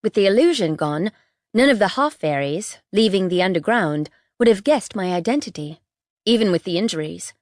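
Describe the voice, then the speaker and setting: A woman narrating a first-person fantasy audiobook in a tense, measured way. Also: mid-range voice, lively intonation, darkish tone, dry recording, studio quality.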